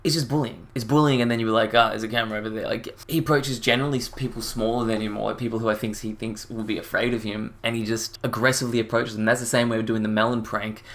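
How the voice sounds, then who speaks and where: A man's voice: medium pitch, level tone, fast, hardly any pauses, a bit bright. A man giving casual commentary as a YouTuber, sarcastic, indignant and full of swearing.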